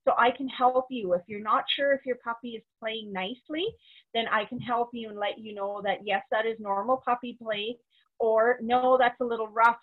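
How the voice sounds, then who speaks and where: A woman dog trainer teaching a webinar with practical, step-by-step instructions. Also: fairly high pitch. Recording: tinny phone-like webinar audio.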